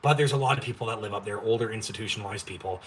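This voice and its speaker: A man's voice: fairly low pitch, rapid-fire, a little hiss or hum. A young man from Canada hosting a live stream, ranting in a blunt, profane, fired-up way. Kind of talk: ranting casual chat.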